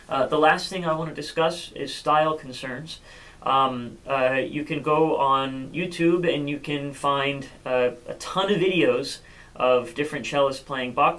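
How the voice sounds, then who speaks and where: Man teaching cello, halting and casual. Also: mid-range voice, fairly bright tone, rough recording. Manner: unscripted, many fillers and restarts. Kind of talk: instructional talk.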